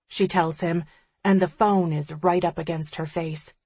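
Breathy, slow woman narrator. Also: on the low side, steady tone, darkish tone, no room sound. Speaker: audiobook narrator. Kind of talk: first-person audiobook narration.

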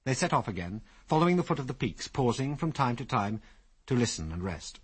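A man narrating an adventure story as an audiobook, with lively, expressive storytelling. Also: mid-range voice, fairly quick, breathy edge.

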